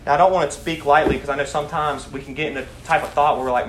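A man's voice: mid-range voice, racing. A young man leading a Bible study, preaching animatedly, asking the group questions and reading scripture aloud. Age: young adult. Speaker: student Bible study leader. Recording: echoey room, faint background noise.

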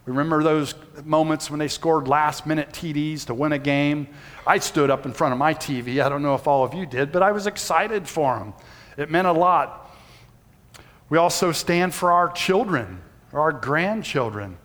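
A man's voice: on the high side, normal speed. A man, preaching a sermon and telling a personal story in a folksy way. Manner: folksy storytelling, shouts when reenacting. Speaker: pastor. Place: church sanctuary. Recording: reverberant church hall.

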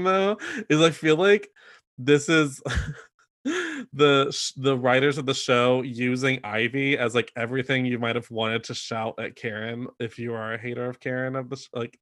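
Animated, laughing man chatting. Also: medium pitch, no room sound, clean studio sound. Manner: animated, laughing, slipping into quoted voices. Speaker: podcast host and theater performer. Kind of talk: casual chat.

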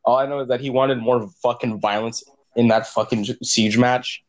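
A man's voice: medium pitch, fairly even intonation, moderate pace. A teenage boy on a casual podcast, rambling and swearing heavily as he explains something. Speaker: podcast co-host. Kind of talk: casual chat.

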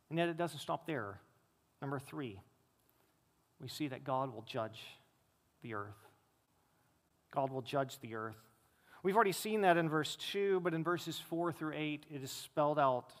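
High-voiced preaching man in a reverberant hall. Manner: emphatic preaching, swings between loud rises and low, quiet stresses. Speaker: pastor. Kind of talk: sermon. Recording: long reverb of a large hall.

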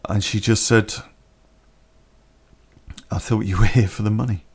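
A man telling a personal story on a podcast in a plain-spoken, unhurried way with pauses. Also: fairly low pitch, steady tone, darkish tone, slightly rough.

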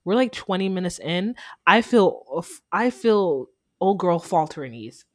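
A young woman chats on a podcast and tells a story with plenty of laughter. Her voice swings widely in pitch as she acts out other people. The talk stays loose and casual. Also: sing-song, unhurried, dry recording, clean studio sound. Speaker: podcast co-host. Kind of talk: casual chat.

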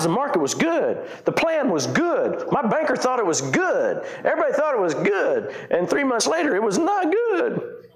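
Man, pastor, conversational sermon, slightly high voice, echoey room. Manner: conversational preaching with restarts and quoted scripture.

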